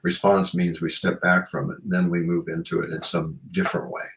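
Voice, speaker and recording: A man's voice: sits low, level tone, brisk, a bit bright, rough recording. A man hosting a radio show, chatting in a rambling, reflective way with many "you know"s. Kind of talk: casual chat.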